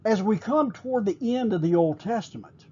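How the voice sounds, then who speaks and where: A man teaching a recorded class, explaining at a measured pace with frequent pauses and fillers. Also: high-pitched, lively intonation, warm tone, husky, lo-fi sound.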